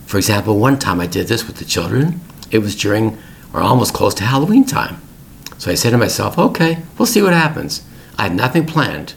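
A man's voice: on the low side, lively intonation, fairly quick, vocal fry, a little hiss or hum. A middle-aged man hosting an English-learning podcast, telling a family story in plain, repetitive words for learners.

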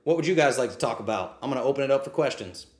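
A man's voice: medium pitch, lively intonation, rapid-fire, a little mellow, echoey room. A man hosting a livestreamed ask-me-anything, talking in an impassioned, blunt and profane rant. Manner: riled up, says he is getting heated. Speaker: podcast host answering live questions.

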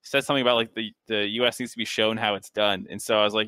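Bright-toned, easygoing male co-host. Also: on the low side, level tone, smooth, no room sound. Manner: easygoing, self-deprecating, halting with restarts. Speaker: podcast co-host. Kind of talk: casual chat.

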